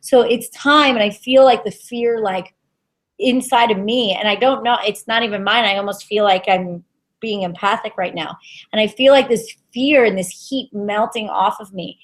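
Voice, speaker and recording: A woman giving an intuitive tarot reading on a web show, soft and halting, with many fillers. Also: mid-range voice. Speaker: tarot reader.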